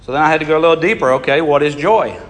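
Pastor guy preaching, slightly high voice, long church echo. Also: very fast. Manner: steady preaching, reading scripture aloud and explaining it. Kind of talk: sermon.

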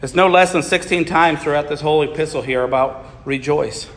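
A man preaching a sermon as pastor, reading scripture aloud and explaining it in a steady manner. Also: on the high side, brisk, in a large hall.

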